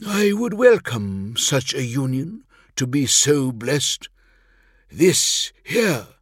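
Guy doing a zealous dark priest, hissy and fervent, slow and husky, pitched up high. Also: very animated, no room sound, studio quality, heavily acted. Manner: impassioned, rising, hissing.

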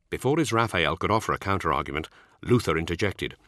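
A man narrating an audiobook in a steady, expressive scripted reading. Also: deep voice, quick pace, dry recording, clean studio sound.

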